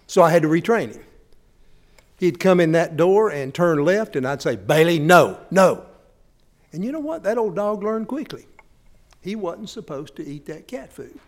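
A man's voice: sits high, lively intonation, normal speed, a little mellow. A man preaching a sermon, telling folksy stories and talking straight to his congregation. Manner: folksy storytelling, talks straight to the audience. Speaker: pastor.

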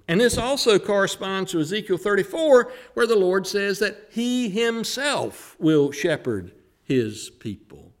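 A man preaching a sermon, who slows down and leans hard on the words he wants to stress. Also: high-pitched, very animated.

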